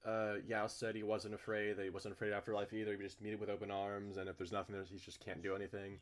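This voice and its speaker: A young man reads a visual novel aloud and breaks off into profane, exasperated rants about it. His voice sits a little low. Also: flat delivery, fast talker. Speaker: game streamer voicing a visual novel. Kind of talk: let's play reading and commentary.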